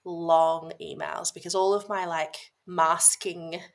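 Woman guest in her 30s, low gravelly voice, chatty and rambling. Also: fairly even intonation, takes it slowly. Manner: chatty, lots of "like" and restarts. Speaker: podcast guest. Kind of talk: casual personal storytelling.

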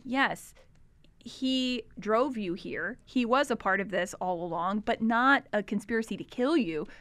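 A woman's voice: fairly high pitch, fairly bright tone, clean tone, no echo. A woman co-hosting a podcast, talking through a recorded call in a thoughtful, conversational way with plenty of fillers. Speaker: podcast co-host. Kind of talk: casual chat analyzing a call recording.

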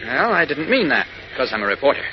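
A man's voice: mid-range voice, fast, lightly acted. An actor playing Clark Kent, a determined male reporter and superhero, in a 1940s radio drama, talking firmly and probingly. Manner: firm, probing, steady. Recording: dull hissy old radio recording.

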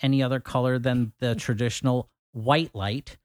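A married man co-hosting a podcast, with deadpan, teasing banter. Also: mid-range voice, moderate pace, no room sound, studio quality. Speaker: podcast co-host. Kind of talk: casual chat.

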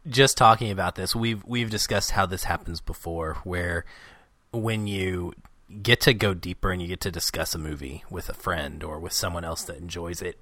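Bright-voiced man chatting about a film. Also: deep voice, no echo. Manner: animated, laughs often, acts out reactions. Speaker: podcast co-host. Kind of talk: casual movie discussion.

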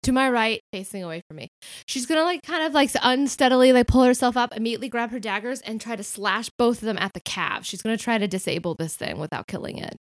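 A woman's voice: fairly high pitch, quick pace, dry recording, clean studio sound. A woman playing a tabletop game, chatty and filling her talk with "like". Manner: chatty, lots of "like". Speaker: player. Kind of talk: casual tabletop play.

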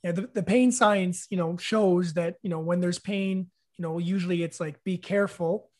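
A man's voice: sits high, fairly even intonation, moderate pace. A man hosting a casual interview, chatting easily with his guest. He talks conversationally and uses plenty of fillers. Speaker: podcast host.

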